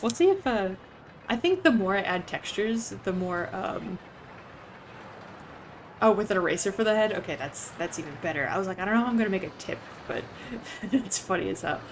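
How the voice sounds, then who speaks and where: A woman's voice: mid-range voice, animated, brisk, a little hiss or hum, low-quality recording. A young woman on a casual gaming livestream, rambling, giggling and swearing now and then as she chats with viewers. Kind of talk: casual gaming stream chat.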